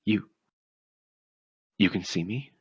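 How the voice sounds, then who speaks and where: A man voicing the ghost of a young woman, speaking softly and tearfully. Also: low voice, slow, breathy edge, no room sound, lo-fi sound, full character voice. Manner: soft, tearful, hushed. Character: weeping young woman's ghost, lonely and gentle.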